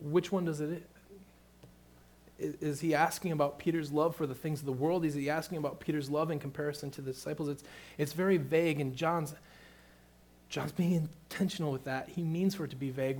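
Preacher with a fairly high voice. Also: male voice, fairly even intonation, fairly quick. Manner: shifts from hushed, tender delivery to loud emphatic questioning. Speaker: pastor. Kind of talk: sermon.

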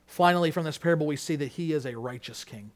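Man, pastor, sermon, high voice, emphatic, repeats phrases, loud-to-hushed swings. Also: quick pace.

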